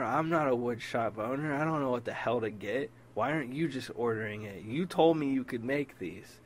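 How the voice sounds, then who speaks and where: A man's voice: medium pitch, lively intonation, moderate pace, few pauses, slight background noise. A man hosting a casual storytelling podcast, bluntly retelling a dispute, swearing freely and raising his voice when he quotes himself. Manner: voice rises when quoting himself in arguments. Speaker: podcast host.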